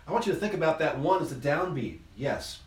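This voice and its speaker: A man giving an instrument lesson, counting beats aloud in an encouraging, relaxed way while he plays. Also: on the high side, a little fast, roomy sound. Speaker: music teacher.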